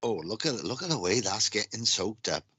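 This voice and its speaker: A man giving live psychic readings on a stream, speaking haltingly with lots of repeated words and restarts. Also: on the low side, big pitch swings, bright, forceful tone, slightly rough, no echo. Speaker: psychic reader.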